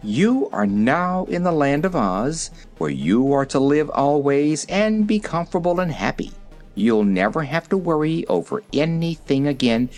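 Reader doing a young girl, eager, quick reassuring tone, lively, faint music. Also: mid-range voice, natural voice.

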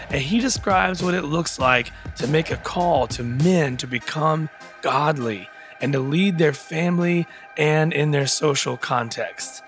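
Male podcast host, bright upbeat intro, slightly high voice, faint music bed. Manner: upbeat, enthusiastic.

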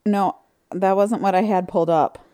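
A woman's voice: mid-range voice, fairly even intonation, normal speed, mellow, dry recording, studio quality. A woman co-hosting a casual chat podcast, telling playful anecdotes. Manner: chatty, playful, stumbles when storytelling. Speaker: podcast co-host.

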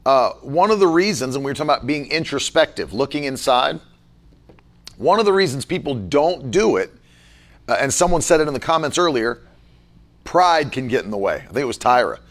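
A man leading a casual Bible-study chat as pastor, talking forcefully and emphatically. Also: medium pitch, big pitch swings, fairly quick.

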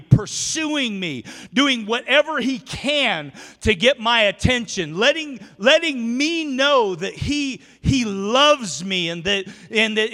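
A man with a high, bright voice preaches to a congregation in a church sanctuary. He tells homely stories and jokes with his listeners. His words ring out with a long hall reverb. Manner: folksy storytelling, joking with the congregation. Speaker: pastor. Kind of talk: sermon.

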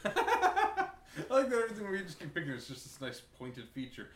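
A man's voice: sits high, huge pitch swings, moderate pace, a bit bright, echoey room. A sleep-deprived young man chatting with friends, rambling and repeating himself with self-mocking humor. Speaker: friend on a trip. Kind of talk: casual chat.

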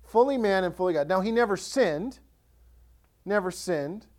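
A man's voice: high voice, moderate pace. A male pastor preaching a sermon, telling stories and acting out the voices of the people in them. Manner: animated storytelling, acts out voices.

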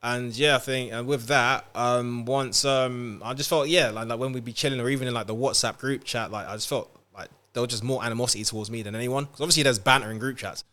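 A man's voice: medium pitch, quick pace, few pauses. A man, a podcast guest and author, talking casually with lots of "like" and "um". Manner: relaxed, many fillers like "like" and "um". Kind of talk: casual interview chat.

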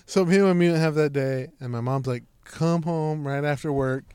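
Young guy, casual storyteller, swears a lot, bit high-pitched, dead-dry mic. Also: moderate pace, clean tone, dry recording. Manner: rambling, profane, animated retelling with lots of "I'm like". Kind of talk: casual chat.

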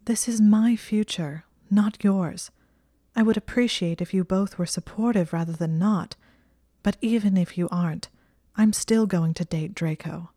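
A woman's voice: medium pitch, unhurried, mellow, dry recording, clean studio sound, close to an everyday voice. A woman voicing a stubborn, anxious young witch who is defensive and tearful.

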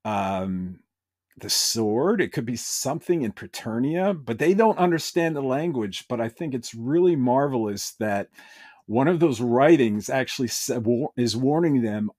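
A man's voice: medium pitch, lively intonation, unhurried, darkish tone, no room sound. A man in the middle of his vocal range, recapping a show for a podcast. He tells it with eager enthusiasm, and the sound is dry and close. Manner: enthusiastic, retells scenes with brief quoted voices. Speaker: podcast host. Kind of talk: casual episode recap.

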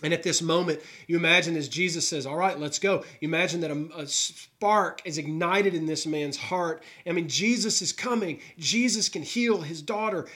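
A man's voice: fairly high pitch, normal speed, hardly any pauses, a bit bright. Earnest man preaching a sermon. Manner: earnest storytelling, voicing characters' thoughts. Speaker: pastor. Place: New York.

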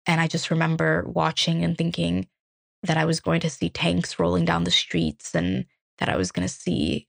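A young woman from Ukraine, a podcast host, telling a personal story in an earnest, reflective way with halting restarts. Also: deep voice, vocal fry, dry recording.

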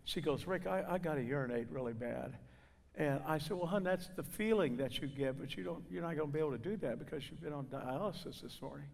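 A man's voice: a little high, fairly quick, vocal fry. Preacher man telling a testimony. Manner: storytelling, acting out quoted voices. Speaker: guest preacher. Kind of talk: sermon testimony. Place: church. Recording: reverberant church hall.

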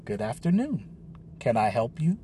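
A man reading the lines of a gentle, polite woman who works at an animal shelter. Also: medium pitch, sing-song, normal speed, slight background noise, natural voice.

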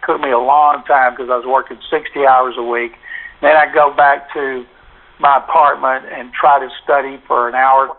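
An older man, a sportswriter guest in an interview, telling stories in a folksy, animated way with lots of quoted dialogue. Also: mid-range voice, moderate pace. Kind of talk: anecdotal storytelling. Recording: tinny phone line.

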